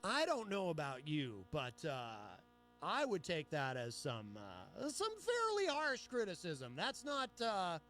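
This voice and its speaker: A high-voiced man hosts his own radio talk show, reading headlines aloud and breaking off into chatty, sarcastic asides. Faint music plays underneath. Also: huge pitch swings, takes it slowly, fairly bright tone. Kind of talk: solo talk radio commentary.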